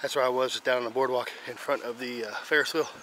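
A man's voice: medium pitch, fairly even intonation, fast talker, fairly bright tone, rough recording. A man with an American Midwest accent, rambling through a casual travel vlog with fillers, tired and out of breath from walking uphill. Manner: rambling, with fillers and self-corrections. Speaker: travel vlogger. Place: outdoors on town streets and a hilltop. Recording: outdoor street noise with traffic. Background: street and vehicle noise.

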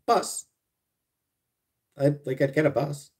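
A man's voice: on the high side, expressive, takes it slowly, breathy edge. A man streaming live, chatting casually with his viewers and answering them by name, sarcastic and grumbling, with plenty of swearing. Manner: answers chat messages by name. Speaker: livestreamer answering chat.

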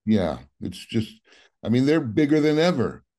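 A man in his seventies talks as an interview guest, with a warm, mellow tone. His pitch sits mid-range for a man. He rambles and circles back with easy filler words and the occasional soft laugh. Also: normal speed. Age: 70s. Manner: rambling, relaxed, full of "you know" and soft laughs. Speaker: guest musician. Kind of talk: casual interview chat.

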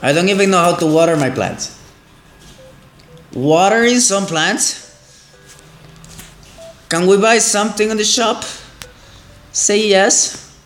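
A man giving excitable let's play commentary as a gaming channel host, exclaiming and repeating himself. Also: high voice, takes it slowly, pauses often, soft background music. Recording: roomy echo.

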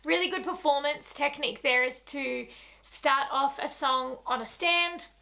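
A woman's voice: high-pitched, unhurried, creaky, sharp tone, soft background music. A woman reacting to a singer and breaking down his performance technique. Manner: analytical, discusses performance technique. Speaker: music reactor. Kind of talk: analytical reaction commentary.

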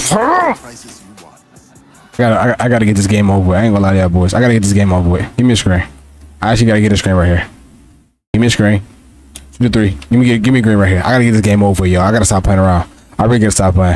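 A man's voice: lowish voice, darkish tone, a little hiss or hum. A young man giving live commentary over his own video game, frustrated and repeating himself as he talks to his players and his viewers. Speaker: gaming streamer.

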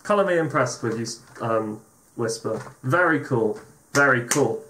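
A man talks through a software demo in an easy, conversational way, tossing in jokes and the odd swear word. His voice sits at a middling pitch with a bright, forward edge. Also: expressive, measured pace, a little hiss or hum. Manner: joking, chatty, swears freely. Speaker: tech tutorial host. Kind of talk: casual screen-share tutorial.

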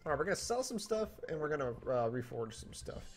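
A young man giving jokey, animated commentary as he plays a video game, talking to the game and to his viewers, a little tipsy. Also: on the high side, fast talker, soft background music. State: tipsy from drinking. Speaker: gaming YouTuber. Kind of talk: let's play commentary. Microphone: desktop mic without pop filter.

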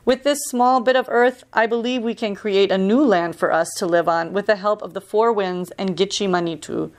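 A woman's voice: mid-range voice, fairly even intonation, normal speed, natural voice. A woman reading as a wise, solemn hero. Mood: determined. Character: wise male culture hero, calm leader.

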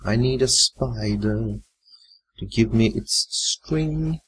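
A man's voice: medium pitch, slow pace, fairly bright tone, a little hiss or hum, low-quality recording. A man giving casual gameplay commentary, muttering his thoughts aloud to himself. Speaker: let's play gamer.

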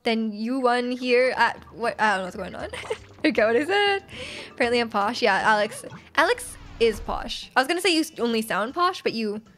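A woman's voice: fairly high pitch, big pitch swings, fairly quick, fairly bright tone, soft background music. A young woman from Canada live-streaming a game, chatting with her viewers and laughing often. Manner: giggly, chatty, reads chat aloud. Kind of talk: casual live-stream chat while gaming.

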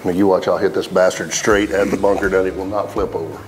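A man's voice: deep voice, little pitch movement, fast talker. Guy chatting on a golf course, swears a lot, laughs at his own stories, faint music under it. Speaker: country singer, interview guest. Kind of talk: casual chat while playing golf.

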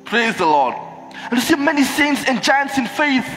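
A man preaches to a congregation, animated and quick to act out the people he quotes. His voice sits very high for a man. It carries through a reverberant church hall over soft background music. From Kenya. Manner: animated, switches into Swahili, acts out quoted voices. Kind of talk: sermon.

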